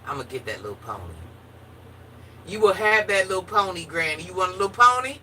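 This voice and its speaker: A woman putting on a doting mother's voice, coaxing and quick. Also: fairly low pitch, sing-song, pushed and bright, distant mic, slight background noise. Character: doting mother promising a pony.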